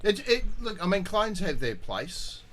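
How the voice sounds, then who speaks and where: A man's voice: high voice, big pitch swings, a little slow, noisy background. A man in casual conversation, joking and swearing freely. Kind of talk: casual chat.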